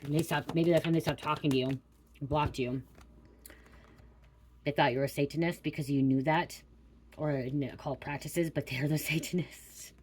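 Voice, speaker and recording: A woman's voice: low-pitched, steady tone, moderate pace, pauses often, darkish tone, slight background noise. A woman giving a psychic reading to her viewers from home, talking in a repetitive, stream-of-consciousness way and calling out names as they come to her. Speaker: psychic card reader.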